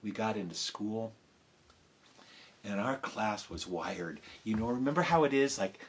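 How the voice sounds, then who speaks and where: A man telling a story with big swings from loud to hushed. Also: on the low side, unhurried, a little hiss or hum. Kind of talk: animated storytelling. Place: home, live stream.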